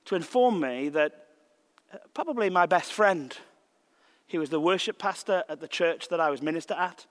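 A man preaching a sermon in a gentle, reflective tone, his fairly high voice unhurried as he weaves scripture into a personal story. His voice rings with the long reverb of a large church sanctuary. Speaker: visiting preacher.

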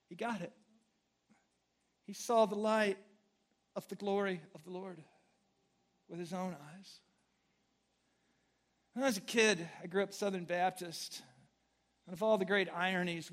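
A man pastor preaching a sermon, telling a story dramatically and swinging from hushed words to loud, blunt exclamations. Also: high-pitched. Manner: conversational, blunt.

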